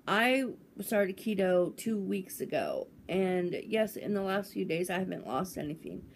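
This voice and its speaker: A woman's voice: on the low side, a little hiss or hum. A woman in her forties, talking casually and indignantly on her vlog, with lots of fillers. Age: 40s. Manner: indignant, chatty, many fillers. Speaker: vlogger.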